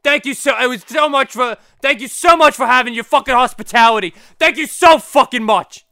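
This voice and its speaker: A man impersonating a furious male movie star who shouts, swears and repeats himself over and over. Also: extremely high pitch, a little fast, pitched above the performer's own voice, full character voice. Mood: furious shouting.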